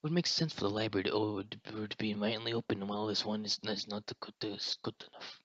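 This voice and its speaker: Husky, lively man on a dull mic. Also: on the low side, fast, dry recording. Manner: joking, profane. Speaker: co-host reading a visual novel. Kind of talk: casual read-along chat.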